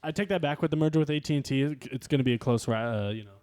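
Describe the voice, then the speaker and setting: A man's voice: mid-range voice, racing, darkish tone, dry recording, studio quality. A man co-hosting a casual podcast chat, chatty and full of trivia asides. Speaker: podcast co-host.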